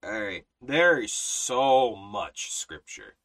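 A man's voice: on the low side, very animated, takes it slowly, a bit bright, rough recording. A man teaching a Bible study in a sermon style, emphatic, repeating phrases and restarting often.

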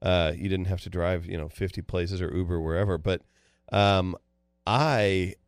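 A man's voice: low-pitched, steady tone, normal speed, clear, resonant tone, dry recording. A man co-hosting a casual sports talk show, wry and rambling, with plenty of fillers and dry jokes. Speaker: radio co-host.

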